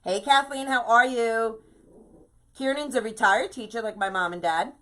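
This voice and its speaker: A woman's voice: a little high, moderate pace, a bit bright. A woman from New York hosting a live craft stream, chatting bubbly and casual and greeting viewers by name.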